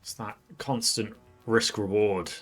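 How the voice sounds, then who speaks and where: A man's voice: on the low side, little pitch movement, takes it slowly, soft background music. Wry man commenting on his gameplay. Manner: chatty, wry, talks to the screen. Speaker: streamer.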